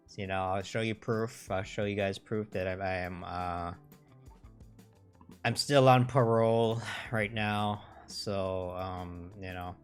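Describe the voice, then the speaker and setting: A man's voice: low-pitched, steady tone, slow pace, clear, resonant tone, faint music behind. A man hosting a casual livestream, rambling with many restarts, swearing and mocking in sarcastic quotes. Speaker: livestream host.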